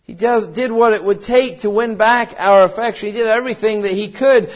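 A man with a high voice preaches a heartfelt sermon. He talks earnestly, softening into tender pleading and stumbling over repeated words. The recording sounds dull and lo-fi. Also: brisk, hardly any pauses. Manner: earnest, with tender quoted voices and frequent restarts.

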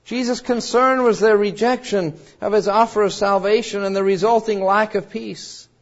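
A man preaching a sermon with deep emotion. He swings between loud cries and hushed low tones and acts out the quoted voices in his story. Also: steady tone, normal speed. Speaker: pastor. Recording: dull lo-fi sound.

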